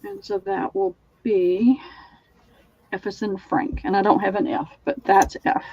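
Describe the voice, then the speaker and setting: A woman's voice: mid-range voice, measured pace, warm tone, husky, dry recording. Southern woman, live-sale host, chatty and detailed, dry, dull close sound. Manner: chatty, describes items in detail. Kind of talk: live-stream selling chat.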